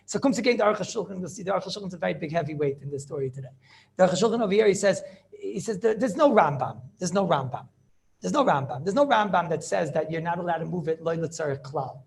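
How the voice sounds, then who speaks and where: A man, a rabbi, giving a Talmud study lecture in an animated way, repeating phrases and asking and answering his own questions. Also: high-pitched, creaky. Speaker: rabbi teaching a class.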